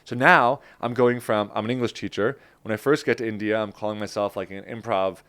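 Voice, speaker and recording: A man's voice: lowish voice, a little fast. A man from New Jersey, a guest in a casual interview, telling stories and acting out his past remarks, with many "like"s. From New Jersey, USA. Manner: animated, acts out his own past lines, many "like"s.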